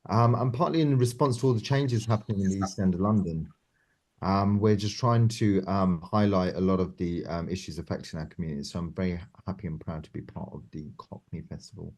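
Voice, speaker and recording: Man guest with a lowish voice, brief measured intro. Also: darkish tone. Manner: measured, with ums. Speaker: guest speaker.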